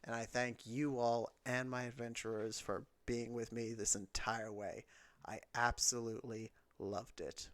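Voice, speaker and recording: A man with a clear, resonant voice and a dry, close sound, speaking at an everyday pitch. He is the dungeon master of a tabletop game, thanking his players and passing the turn to each of them. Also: little pitch movement, measured pace, a bit bright, no echo. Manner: upbeat, thanking players and calling on them one by one. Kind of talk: casual sign-off of a tabletop game stream.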